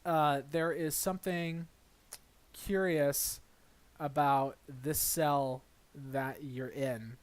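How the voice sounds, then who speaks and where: A man narrating a tabletop role-playing game as dungeon master, relaxed and halting, with fillers and restarts. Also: a little high.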